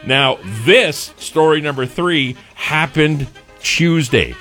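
A man hosting a morning radio show, telling a wry personal story in a casual, animated way. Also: fairly high pitch, slow pace, faint music behind.

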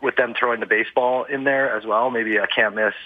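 A man chats on a morning radio show, relaxed and joking, laughing easily between thoughts. His voice is a little husky. It comes through a thin, phone-like line with no room sound around it. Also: mid-range voice, brisk, no room sound. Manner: easygoing, joking, laughs often. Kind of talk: casual radio chat.

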